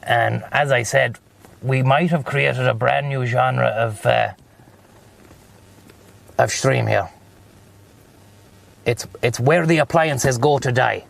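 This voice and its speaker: A man's voice: medium pitch, takes it slowly, vocal fry, pauses often. An Irish man chatting casually and profanely while he livestreams from his car, rambling between thoughts. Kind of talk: casual chat while driving.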